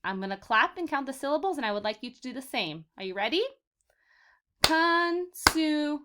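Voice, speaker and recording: A woman teacher leading a vocabulary lesson for young children, sounding out words slowly for them to repeat and calling them "my friends.". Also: fairly high pitch, sing-song, sharp tone. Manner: slow, exaggerated word modeling for repetition; encouraging, addresses children as "my friends".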